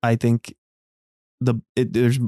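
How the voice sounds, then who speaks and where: A man's voice: medium pitch, completely flat delivery, takes it slowly, dark tone, no echo, clean studio sound. A man hosting a casual talk show, rambling with fillers and restarts. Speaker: podcast host. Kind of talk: casual chat.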